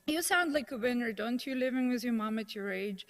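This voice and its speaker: A woman's voice: fairly high pitch, expressive, a little fast, in a large hall. A woman voicing a rude woman on a bus who mocks a fellow rider. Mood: taunting.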